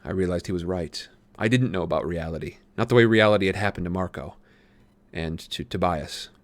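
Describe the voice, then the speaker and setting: A man streaming a read-aloud of a novel, chatty and friendly between chapters and steady when narrating. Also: low voice, a little fast, no echo. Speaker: streamer reading a book aloud.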